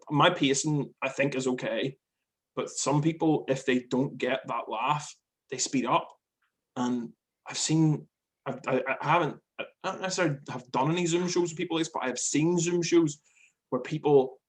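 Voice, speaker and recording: A man talking shop as a guest on a comedy chat show. He rushes through his points, restarting phrases and circling back. The tone is casual and conversational. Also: mid-range voice. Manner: quick, rambling, many restarts.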